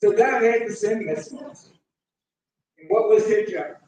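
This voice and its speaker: A man preaching with a high voice and a slow, deliberate pace, rising into shouted appeals. He is recorded from a distance in a very echoey hall. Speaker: imam. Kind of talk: sermon. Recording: echoey hall, mic from far off.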